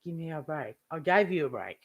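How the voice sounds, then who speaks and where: A woman's voice: sits low, animated, fairly quick, dull audio. A woman live streamer ranting to her chat, indignant, swearing heavily and repeating herself.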